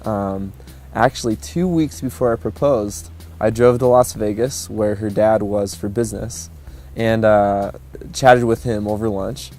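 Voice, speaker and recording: Lower-voiced, easygoing young man. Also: fairly even intonation, measured pace. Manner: easygoing, chuckling, many fillers. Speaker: groom-to-be telling his love story. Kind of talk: casual interview storytelling. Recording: soft music underneath.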